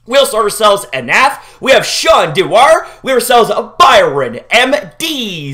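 A man hosting a live-stream reaction, excitable and swearing freely as he greets his chat by name. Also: high-pitched, normal speed, hardly any pauses.

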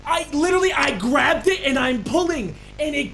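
A young male streamer with a high voice plays through a horror game, loud and excitable. He curses and shouts at what is on screen, his pitch jumping all over the place. Game music plays behind him. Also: moderate pace. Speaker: gaming streamer.

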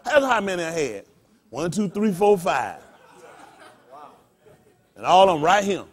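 A man, a pastor, preaching a sermon through folksy personal stories, shouting and laughing as he goes. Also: high voice, big pitch swings, unhurried, slightly rough. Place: congregation hall.

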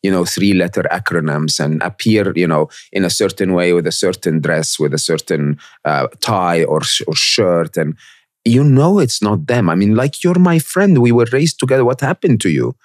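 A man's voice: low-pitched, animated, moderate pace, no echo, clean studio sound. A man hosting a podcast conversation, thoughtful and speaking with frequent restarts. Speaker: podcast host. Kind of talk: casual conversation.

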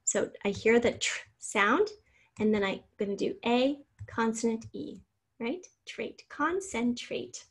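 A woman's voice: a little high, measured pace, husky. A woman teacher giving a spelling lesson, patiently sounding out syllables and spelling words letter by letter.

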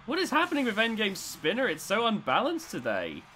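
A man giving excitable commentary as he plays a robot combat video game, swinging between tense muttering and loud cheering. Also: high-pitched, a little fast, soft background music. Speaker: gaming YouTuber.

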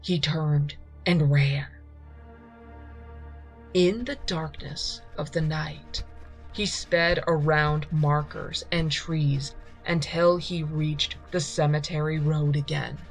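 A woman narrates a ghost story in an unhurried, measured way. Her voice sits low with a gravelly fry, and faint music plays underneath. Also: fairly even intonation. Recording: reading over faint music.

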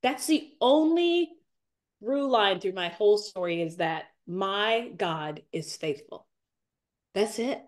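A woman's voice: expressive, takes it slowly. A woman in her forties giving an earnest, emotional faith testimony as a podcast guest, close to tears and repeating her phrases. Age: 40s. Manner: earnest, repeats phrases, rises in pitch as she grows tearful. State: near tears.

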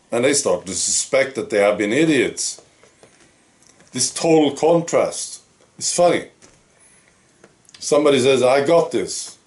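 A man with a Swedish accent, hosting his own channel and mocking the news in a casual, amused monologue. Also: mid-range voice. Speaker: commentary channel host.

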